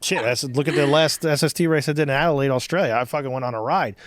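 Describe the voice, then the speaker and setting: A man's voice: medium pitch, quick pace, no room sound. A man in his thirties hosting a podcast, telling stories in a rambling, profane, casual way full of fillers. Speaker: podcast host.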